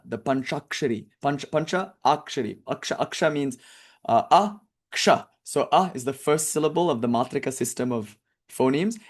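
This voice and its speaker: A man giving a lecture on scripture, explaining terms with fillers and self-corrections and slowly chanting mantras in between. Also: medium pitch, a little mellow. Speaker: teacher.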